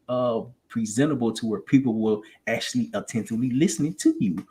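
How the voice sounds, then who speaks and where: Man, twenties, Southern accent, casual conversation, animated storyteller. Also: medium pitch, fairly quick, few pauses. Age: 20s. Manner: animated storyteller, repeats words when starting. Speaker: real estate salesman.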